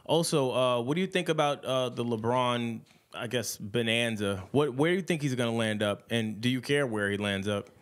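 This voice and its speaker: A man's voice: medium pitch, normal speed, hardly any pauses. A man co-hosting a podcast in casual chat, telling stories animatedly and mimicking people. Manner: animated storyteller, mimics people while laughing. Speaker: podcast co-host.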